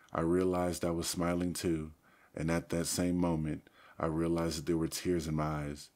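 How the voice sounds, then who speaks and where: Male audiobook narrator, low voice, steady first-person reading.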